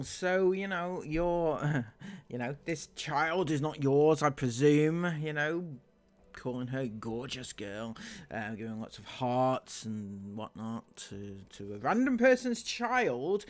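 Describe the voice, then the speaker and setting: A man's voice: a little high, lively intonation, takes it slowly. A man doing sarcastic commentary on online comments, laughing often. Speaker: commentary YouTuber.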